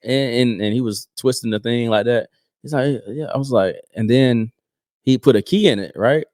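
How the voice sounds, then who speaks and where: A man co-hosting a podcast, telling a story in a loose, chatty way and breaking into lively acted-out dialogue. His voice sits in the middle of the pitch range. The sound is dry and close. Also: normal speed, no echo. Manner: animated, acts out voices in quoted dialogue. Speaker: podcast co-host. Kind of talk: casual storytelling.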